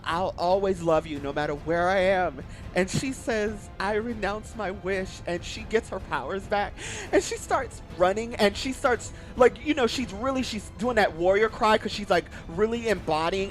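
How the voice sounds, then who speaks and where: A man with a high, light voice talks through a film he loves, gushing and enthusiastic and swearing freely. He acts out lines from the film in a casual, excited way. Faint music plays underneath. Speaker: YouTube movie reviewer. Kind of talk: excited casual movie review.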